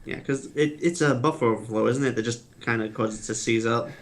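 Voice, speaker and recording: A man hosting a casual gaming podcast, talking in a relaxed way and laughing easily. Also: medium pitch, brisk. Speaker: podcast host. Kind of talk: casual chat.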